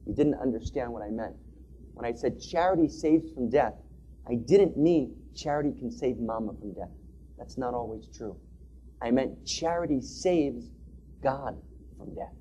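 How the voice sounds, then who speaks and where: A man voicing a grieving father in a story, speaking hushed and tender. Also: mid-range voice, lively intonation, measured pace, a little hiss or hum, close to an everyday voice, rough recording. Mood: tender grief.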